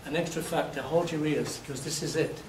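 A man from England giving a university lecture, telling lively stories and acting out his examples, his voice a little hoarse. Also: on the high side, brisk. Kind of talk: classroom lecture. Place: lecture hall. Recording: echoey hall, distant mic, faint noise.

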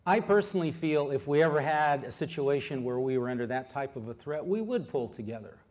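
A middle-aged man gives a public history lecture as an author. He talks in a lively, conversational way, drawing the audience in with questions. He pauses often with fillers as he goes. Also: a little high. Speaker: author giving a history talk.

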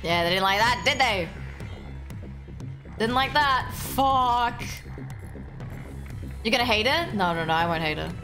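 A young Australian woman streaming a game live, excitable and quick to swear and laugh as she chats with her viewers. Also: on the high side, music in the background. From Melbourne, Australia. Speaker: livestreamer. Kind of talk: casual live game commentary.

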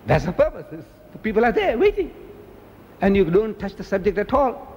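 Older male preacher, lively storyteller, old tape with faint hiss. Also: sits high, fairly quick, big-room sound. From South Africa. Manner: animated storytelling, mimicking others. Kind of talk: public lecture.

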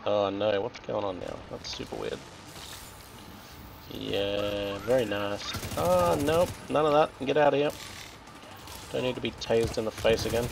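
Casting: Australian male streamer, gravelly and chatty, loud gunfire underneath. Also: on the low side, unhurried, long pauses, noisy background. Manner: chatty, joking, reacting aloud to the game. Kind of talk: casual gameplay commentary. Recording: game gunfire and explosions loud behind voice.

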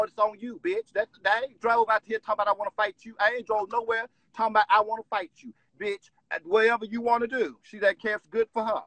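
A high-voiced man with a husky, breathy edge rants on a live stream from home. He is agitated and profane, and he circles back over the same points again and again. The sound is dry and close. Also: fairly bright tone, no echo, rough recording.

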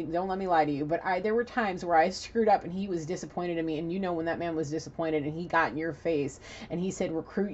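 A woman's voice: fairly low pitch, muffled recording, slight background noise. A woman giving a spiritual reading to camera in an emphatic, profane, chatty manner. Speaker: psychic reader.

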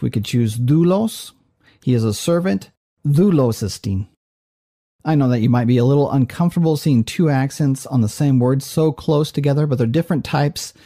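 A man who teaches Greek, giving a calm, methodical, scripted grammar lesson to viewers. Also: medium pitch. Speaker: Greek professor.

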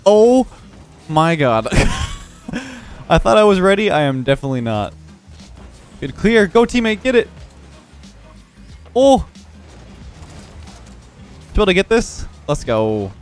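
A young man giving live commentary over his own gameplay, excitable and quick to laugh, with frequent exclamations. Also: high voice, clear, resonant tone, soft background music. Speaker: gaming YouTuber.

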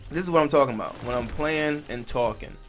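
A man's voice: mid-range voice, fast, a bit bright, faint music behind. A young man giving casual, swear-heavy let's-play commentary and chatting to his viewers while he plays. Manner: frustrated, swears a lot, talks to the viewers. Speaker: gaming channel host.

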